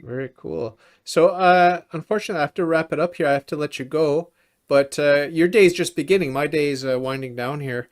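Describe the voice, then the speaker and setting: A man hosting a casual interview over a video call, friendly and quick to laugh. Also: fairly high pitch. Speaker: podcast host.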